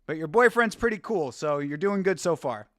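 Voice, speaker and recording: A man's voice: on the high side, animated, moderate pace, a bit bright, dry recording, studio quality. A man hosting a live watch-along stream, chatting casually, rambling and laughing as he reads from chat.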